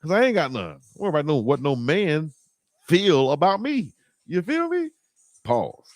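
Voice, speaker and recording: A live-stream show host keeps up animated, slangy banter in a casual chat, laughing as he goes. His voice is a little high, his pace moderate, and there's no echo.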